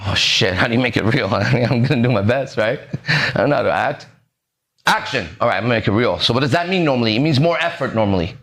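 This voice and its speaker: Animated man in his forties telling a story. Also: mid-range voice, fast talker. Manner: animated, acts out quoted lines, keeps checking in with "right?". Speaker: podcast host telling a story. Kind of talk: casual storytelling.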